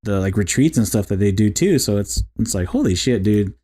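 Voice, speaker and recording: A man's voice: lowish voice, lively intonation, brisk, mellow, husky. A man co-hosting a podcast, chatting casually in a rambling way, full of fillers and "dude". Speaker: podcast co-host. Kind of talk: casual chat.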